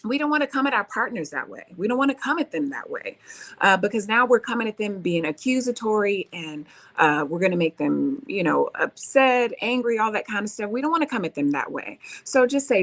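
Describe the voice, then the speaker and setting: Hosting a relationship advice talk show, a woman coaches listeners and reads out viewer comments, frequently checking in with "right?". Her medium-pitched voice is very animated, a bit bright, and a little fast.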